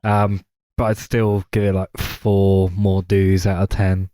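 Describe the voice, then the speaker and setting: A man with a low voice speaks in short, flat remarks during a casual film chat. He sounds unimpressed and says little. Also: slow. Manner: flat, unenthused, brief remarks.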